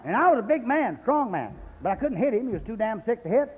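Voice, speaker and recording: This recovery talk comes from a San Jose, California man speaking at an AA convention, blunt and folksy, with plenty of swearing and stories. He talks fast in a very high-pitched voice with big pitch swings, and the lo-fi 1980s cassette of the echoey hall carries a little hiss or hum.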